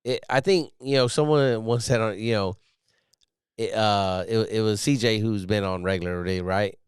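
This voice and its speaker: A male podcast host chatting casually, retelling an anecdote with animated emphasis and laughter. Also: fairly low pitch, moderate pace, smooth, dry recording, studio quality. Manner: animated, recounts stories with bursts of laughter.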